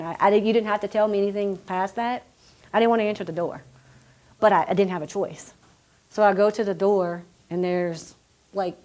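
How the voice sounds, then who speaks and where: Woman in her 30s talking through a hard memory, lots of "you know", mid pitch. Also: a little mellow. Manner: conversational, many fillers, emotional. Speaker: police officer's widow. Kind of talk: personal storytelling.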